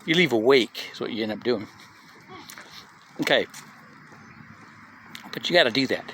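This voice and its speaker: At a community live session, a middle-aged man with a mid-range, slightly bright voice talks at normal speed in an animated way, over slight background noise. His motivational talk is casual, built on personal stories told conversationally, with frequent "right?" check-ins.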